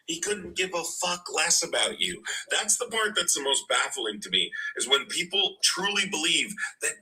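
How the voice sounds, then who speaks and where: A man's voice: on the high side, big pitch swings, moderate pace, sharp tone, rough recording. A man co-hosting a casual political chat, sounding incredulous and emphatic. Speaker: co-host.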